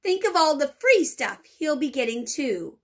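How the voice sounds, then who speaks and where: A woman's voice: high-pitched, very animated, unhurried, a bit bright, pitched above the performer's own voice, heavily acted. A woman voicing a large boy who complains angrily and jealously. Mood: resentful. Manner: complaining, resentful. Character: big angry jealous boy.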